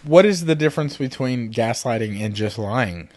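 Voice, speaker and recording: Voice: mid-range voice, animated, normal speed, darkish tone, dry recording. A podcast host in casual chat, joking around and asking naive questions.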